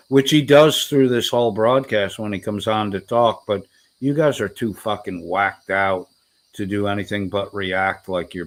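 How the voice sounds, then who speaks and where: A man joining a casual livestream who talks in a profane, scornful way. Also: fairly low pitch.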